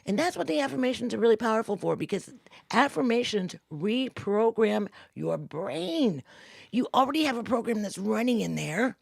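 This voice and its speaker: Gravelly, animated woman giving a pep talk. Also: fairly high pitch, normal speed, dry recording. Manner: animated, acts out inner voices, drops to hushed intensity. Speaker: co-host, spiritual coach. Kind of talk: spontaneous motivational talk.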